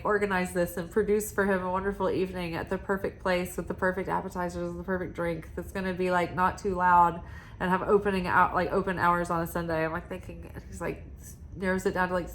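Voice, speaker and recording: In a casual vlog, a woman reads oracle cards, rambling and confiding with plenty of "like" fillers. Her voice sits on the low side, level and brisk, and she sometimes turns soft and quiet, with sighs and laughs. There's slight background noise.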